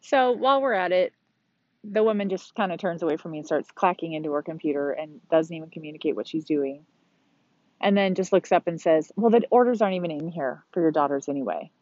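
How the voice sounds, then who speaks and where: A woman's voice: lowish voice, lively intonation, a little fast, darkish tone, dry recording. Frank, exasperated woman venting on a podcast. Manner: candid and exasperated, venting with mild swearing. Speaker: podcast host. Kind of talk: casual solo monologue. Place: outdoors on a beach. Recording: dull, slightly lo-fi sound.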